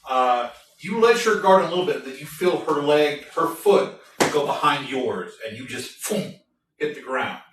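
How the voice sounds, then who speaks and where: A Southern man narrates a tabletop game with a lively, halting delivery full of restarts. His voice swings freely and sits fairly high. He is heard from far off in a very echoey room, with music playing behind. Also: background noise. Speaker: game master.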